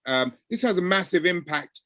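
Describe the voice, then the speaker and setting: A man's voice: high-pitched, normal speed, no room sound. A man talking conversationally about workplace experiences, acting out the exchanges he describes. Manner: animated, acts out quoted exchanges. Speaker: speaker on code switching. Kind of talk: conversational talk.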